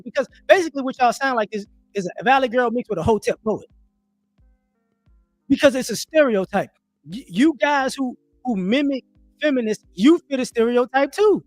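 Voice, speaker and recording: This male livestream commentator has a very high-pitched voice and lively intonation, speaking at a normal speed with long pauses. Ranting opinionatedly from home, he hammers his points, repeats words, and occasionally puts on mocking voices. There's no room sound, only soft background music.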